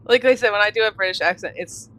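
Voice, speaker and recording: A woman's voice: medium pitch, fast, fairly bright tone, low-quality recording. A woman host chatting playfully and laughing often while reading a game aloud. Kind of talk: casual chat. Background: game music.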